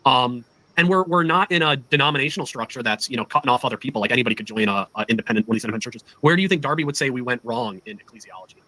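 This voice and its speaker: Sex: man. Role: co-host asking questions. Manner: curious, rapid-fire, filler-heavy. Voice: bright, forceful. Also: mid-range voice, expressive, no room sound, rough recording. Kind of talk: casual livestream discussion.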